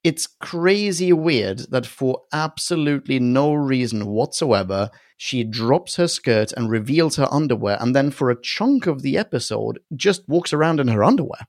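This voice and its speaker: An animated man chats sarcastically with a co-host, laughing often and swearing freely. His voice sits at an ordinary middle pitch, and the recording is close and dry, with no room sound. He keeps a loose, joking tone. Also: normal speed, few pauses, no room sound. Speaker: podcast co-host. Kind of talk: casual chat reviewing a TV episode.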